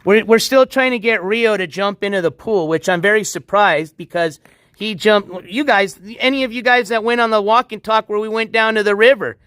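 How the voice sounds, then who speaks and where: Sitting by a backyard pool at night, a livestream host with a high voice chats loosely and laughs a lot as he rambles. His moderate-paced, fairly bright, smooth voice is recorded dry and close on a handheld phone with no echo.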